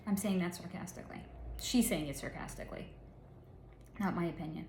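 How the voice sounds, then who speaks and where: A woman's voice: on the low side, a little fast, vocal fry, darkish tone, echoey room, a little hiss or hum. A woman psychic relaying a channeled reading in a blunt, candid way, swearing freely and spelling out crude words. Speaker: psychic reader.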